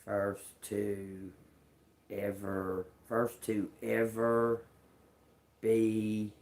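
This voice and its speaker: A man reading tarot cards for his viewers, taking his time and turning each word over slowly. He repeats phrases as he goes and calls his listeners y'all. A faint hiss of noise sits under his voice. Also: on the low side, monotone, a little mellow, low-quality recording. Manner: slow, musing, repeats words as he reads cards. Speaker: tarot reader.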